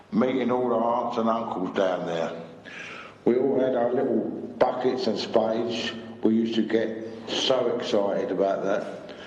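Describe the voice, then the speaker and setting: A man's voice: fairly low pitch, darkish tone. Older man reading a heartfelt eulogy. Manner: plain, heartfelt, plainspoken storytelling. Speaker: son reading a tribute. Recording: echoey hall, dull long reverb.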